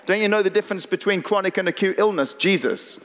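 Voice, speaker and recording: A man's voice: high voice, fast, fairly bright tone. A preacher voicing an impatient, anxious father and synagogue leader who pleads and pushes in exasperation. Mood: exasperated. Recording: long reverb in a large hall.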